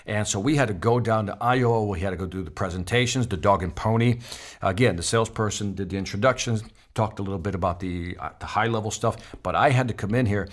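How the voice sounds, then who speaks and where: Middle-aged guy telling a sales story, lots of energy, acts out the quotes, lowish voice. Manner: animated storyteller acting out quotes. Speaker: sales speaker. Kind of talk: storytelling talk.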